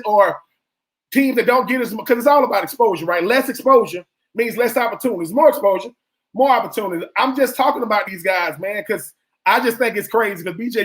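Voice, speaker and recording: A man co-hosting a sports radio show, a former college football player making his case with emphatic, repeated points. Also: extremely high pitch.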